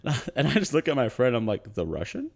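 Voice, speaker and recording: A man's voice: mid-range voice, very fast. Laughing young man telling a story. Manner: animated anecdote with frequent laughs and fillers. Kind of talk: casual podcast storytelling.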